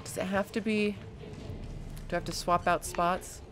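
A woman's voice: mid-range voice, flat delivery, normal speed, over music. A young woman giving let's play commentary on a horror game, panicking and swearing as she talks back to the game. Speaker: gaming streamer.

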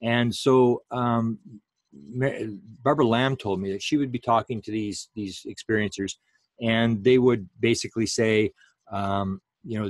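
A man's voice: mid-range voice, normal speed, dry recording. A man giving a public lecture in a rambling way, full of fillers and restarts.

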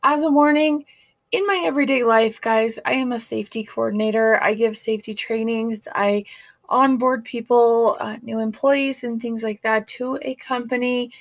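A woman podcast host chatting casually at a home mic, her voice hoarse and gravelly from a long week of talking. She sits a bit high in pitch, rambles through asides, and keeps thanking her listeners. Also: steady tone, normal speed. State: hoarse, partly lost voice. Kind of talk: casual chat.

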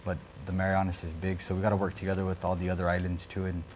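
A man's voice: deep voice, completely flat delivery, very fast, a little mellow, a little hiss or hum. A man from Guam, a senatorial candidate, answering panel questions in an eager, loose way.

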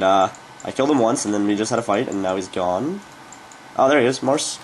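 Low-voiced young man, rambling game commentary. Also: brisk, a little hiss or hum. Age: young adult. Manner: rambling and offhand, with frequent "uh" fillers. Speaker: gaming commentator. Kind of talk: casual gameplay commentary.

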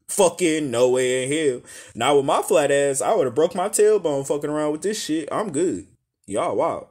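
Husky man ranting, exasperated and profane. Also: on the high side, big pitch swings, normal speed. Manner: loud, exasperated, heavy cursing. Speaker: reaction commentator. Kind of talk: profane comedic rant.

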